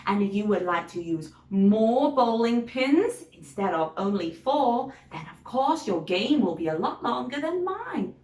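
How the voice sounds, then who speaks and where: A woman's voice: fairly high pitch, big pitch swings, darkish tone. A woman teaching a phonics lesson to young children, drawing out letter sounds and praising often. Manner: slow, drawn-out sounds, encouraging praise. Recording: roomy echo.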